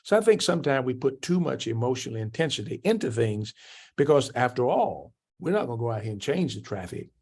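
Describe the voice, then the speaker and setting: Older male preacher, teaching voice that jumps up in pitch for quoted speakers. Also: sing-song, a little fast, a little mellow, breathy edge. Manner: answers written questions from the class. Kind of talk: church coaching class.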